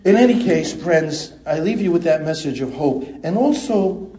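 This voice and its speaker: Impassioned male preacher from the US, high voice, roomy echo, loud peaks and quiet asides. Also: animated, normal speed. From United States. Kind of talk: sermon.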